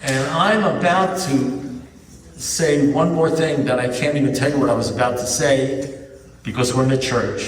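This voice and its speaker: A man's voice: mid-range voice, moderate pace, distant mic, background noise. Man telling his story in an echoey hall. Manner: storytelling with animated quoted dialogue. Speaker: recovery meeting speaker. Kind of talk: personal testimony talk. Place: church hall. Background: faint audience laughter.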